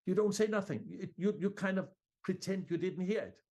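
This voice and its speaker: Man giving an energetic sales training talk. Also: sits high. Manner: energetic, calm emphatic pauses, addresses viewers directly. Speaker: conference speaker.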